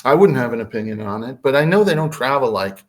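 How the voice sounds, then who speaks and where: Brief: male podcast guest, casual storyteller, lively swooping intonation. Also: mid-range voice, fast talker. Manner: animated, acts out quotes.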